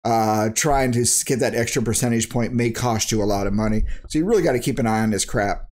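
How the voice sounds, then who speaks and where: A man ranting through his market commentary in a blunt, worked-up way, mixing slang with sound effects. His voice sits at an ordinary middle pitch. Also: fast, a little mellow. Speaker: crypto YouTuber.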